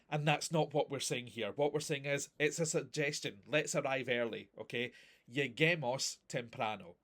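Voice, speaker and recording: A man, a Spanish teacher patiently reviewing grammar step by step and checking in with "okay?". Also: on the high side. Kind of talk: recorded class review.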